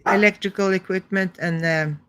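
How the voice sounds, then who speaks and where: Halting woman with phrasing. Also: medium pitch, fairly even intonation, background noise. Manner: halting, non-native phrasing, self-correcting. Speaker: guest co-streamer. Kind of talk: casual chat.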